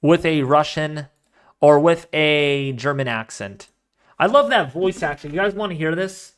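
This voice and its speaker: A man hosting a live weather stream, talking casually and excitably, rambling off into asides while reading the models and the chat. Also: on the high side, unhurried. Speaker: weather livestream host.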